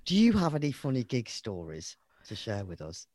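An effusive male host who gushes and exclaims his way through the conversation, his pitch leaping around with a lively, swinging range. The recording is dry and close, with almost no room sound. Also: normal speed, no echo. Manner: effusive, exclamatory, swears casually. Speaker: podcast host. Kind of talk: casual interview chat.

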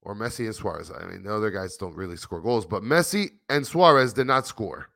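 A man, hosting a casual postgame fan livestream, animated and rambling as he reads chat comments aloud. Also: on the low side, a little fast, gravelly, no echo, clean studio sound. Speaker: soccer fan show host.

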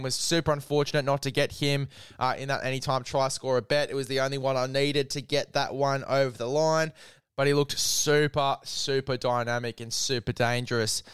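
A man's voice: mid-range voice, clean tone, no room sound, clean studio sound. Matey man chatting footy. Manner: matey, enthusiastic, says "mate" constantly. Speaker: podcast host. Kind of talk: casual sports chat.

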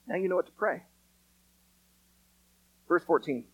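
A man preaching a sermon in a casual, conversational way, acting out quotes with lively storytelling. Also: on the high side, unhurried, long pauses, breathy edge, no room sound, low-quality recording. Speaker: pastor.

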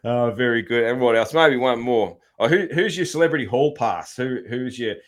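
A man's voice: mid-range voice, moderate pace. An Australian man hosting a casual podcast chat, laid-back, with many fillers and restarts. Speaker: podcast host.

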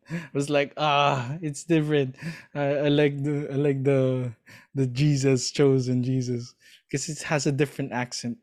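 A man in casual chat, telling a story earnestly and with enthusiasm, often pausing to search for words. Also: medium pitch, a little mellow.

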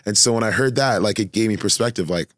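A man's voice: fairly low pitch, fast, dry recording, studio quality. A young man, a filmmaker guest, telling a story in a thoughtful, meandering casual chat. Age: young adult. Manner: thoughtful, many fillers and restarts.

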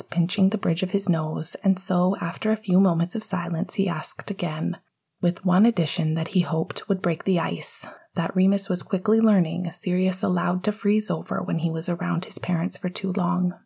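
A woman whispering a story aloud in a hushed, intimate reading. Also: on the low side, steady tone, normal speed, creaky, husky. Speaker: narrator. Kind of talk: whispered narration.

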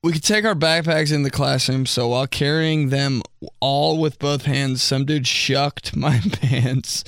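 A man's voice: medium pitch, steady tone, unhurried, a bit bright, no echo, clean studio sound. A man hosting a comedy show, reading out listener stories in a casual, joking way. He laughs often and slips into mocking voices.

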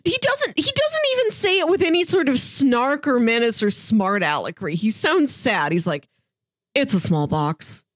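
A woman's voice: high voice, no echo, studio quality. A woman podcast co-host chatting casually about a TV episode, laughing often and acting out quotes. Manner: slow, lively, laughs often, acts out quotes.

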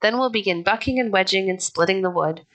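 A woman voicing a kindly, firm pioneer father in a storybook reading, slow and reassuring. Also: mid-range voice, fairly bright tone, close to an everyday voice. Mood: gentle firm.

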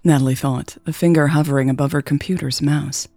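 A woman reading a serialized romance story aloud in a gentle, even storytelling manner. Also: low-pitched, a little fast, no room sound. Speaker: podcast narrator. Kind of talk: scripted narration of a romance story.

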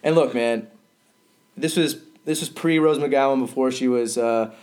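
A man's voice: medium pitch, a little mellow. Profane man ranting on a podcast. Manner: profane, halting, with many restarts. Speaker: podcast co-host. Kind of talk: casual movie discussion.

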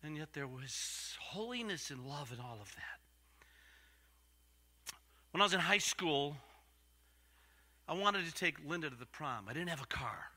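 An older man preaching a storytelling sermon, swinging from loud acted-out voices to hushed asides. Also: a little high, expressive, a little slow, pauses often. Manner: dramatic swings from loud to whispered.

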